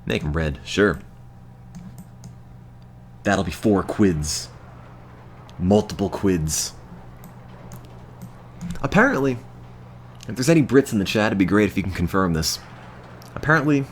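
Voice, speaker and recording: An American man streaming a game, chatting to his viewers in a deadpan, self-mocking way. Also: deep voice, a little hiss or hum. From United States. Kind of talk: casual gameplay commentary to chat.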